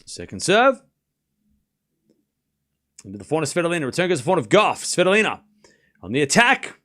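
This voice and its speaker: Man on a watchalong stream, animated tennis play-by-play with chat asides, slightly higher voice. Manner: quick play-by-play, chatting with viewers between points. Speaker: streamer doing live tennis commentary. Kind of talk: live watchalong commentary and chat reading.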